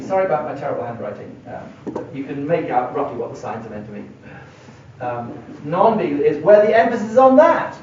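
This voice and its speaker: A man's voice: fairly high pitch, animated, a little fast, darkish tone, slight background noise. A middle-aged man giving a university philosophy lecture, thinking aloud and stressing key words as he writes on a board. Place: lecture room. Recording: echoey lecture hall, mic far away, dull and lo-fi.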